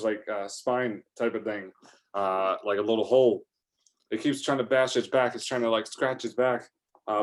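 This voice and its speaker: Man, improvised first-person adventure story, rambling, excitable, lots of fillers, mid pitch.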